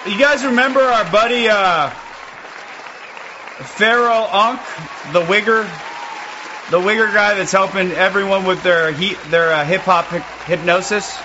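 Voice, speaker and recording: A man streaming and reacting to clips, sarcastic and profane, working himself into excited outbursts. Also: high voice, measured pace, lo-fi sound, a crowd in the background, noisy background. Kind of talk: mocking commentary.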